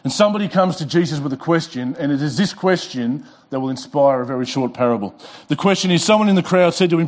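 A middle-aged man delivering a Sunday sermon from the front of a church. His voice sits a little high, and he leans into scripture readings with rising pitch and force, then slows right down to hammer home key words. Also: expressive. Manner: emphatic preaching, rises in pitch and volume on scripture. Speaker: pastor. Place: church sanctuary.

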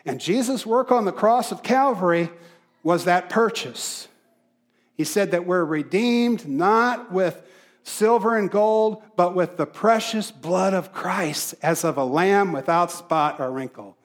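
A man preaching a sermon in a notably high voice. He leans hard on key phrases, repeating them for emphasis, then eases into quieter asides. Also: animated, takes it slowly. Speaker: pastor.

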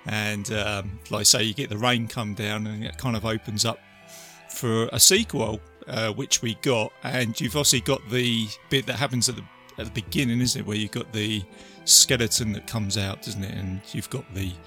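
A man's voice: lowish voice, steady tone, normal speed, pushed and bright, faint music behind. A man co-hosting a podcast, talking casually and ending many sentences with tag questions. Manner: tag questions, chatty and laughing. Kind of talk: casual chat.

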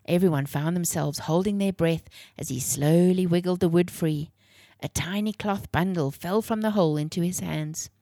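A woman reading a children's story aloud in a clear, expressive way. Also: lowish voice, moderate pace, no room sound, studio quality.

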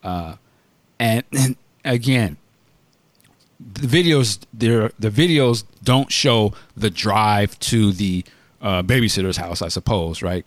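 A man hosting a podcast, retelling a news story in casual chat and acting out quoted shouting. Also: fairly low pitch, no echo. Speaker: podcast host.

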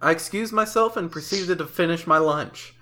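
A woman co-hosting a podcast, reading a forum post aloud in a deadpan way and laughing between lines. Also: lowish voice, moderate pace. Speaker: podcast co-host.

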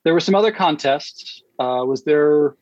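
A man's voice: a little high, expressive, measured pace, darkish tone, no room sound. A man hosting a podcast in easygoing casual chat, steering the conversation. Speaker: podcast host. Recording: dull lo-fi dry sound.

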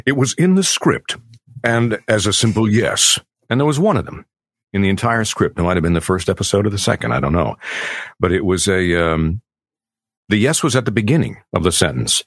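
A middle-aged male voice actor telling stories as an interview guest in a rambling, animated way, slipping into character voices. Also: lowish voice, a little fast, dry recording, clean studio sound. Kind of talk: casual storytelling in an interview.

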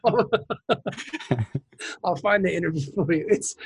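A man in casual podcast chat, profane and excitable, who laughs often. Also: high-pitched, slow, creaky, slightly rough.

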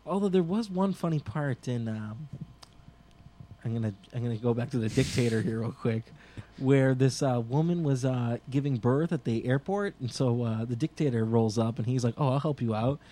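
A man co-hosting a casual podcast chat, laughing a lot and retelling scenes with animated put-on voices. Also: mid-range voice, normal speed. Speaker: podcast co-host.

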